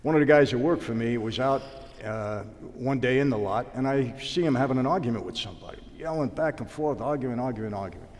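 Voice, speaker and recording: A man's voice: medium pitch, brisk, long reverb tail. New man telling a story. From New York. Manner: animated storyteller acting out dialogue. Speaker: interview guest, former mobster. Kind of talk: storytelling in a sit-down interview.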